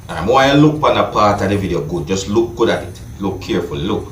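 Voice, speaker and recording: A man with a Jamaican accent giving casual video commentary as a vlogger, often checking in with the listener through quick tag questions. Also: lowish voice, expressive, a little hiss or hum. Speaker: vlogger commenting on a viral clip. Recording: echoey room with faint music.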